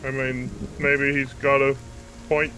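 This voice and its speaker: Dude role-playing his character, blunt and cussing, bright forceful voice. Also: medium pitch, little pitch movement, slow, soft background music, low-quality recording. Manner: blunt, swearing, skeptical. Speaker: player. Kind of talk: in-character tabletop role-play.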